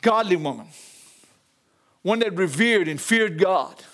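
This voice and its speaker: A man's voice: high voice, animated, a little slow, fairly bright tone. An older man preaching a folksy sermon, chuckling often and calling out to the congregation.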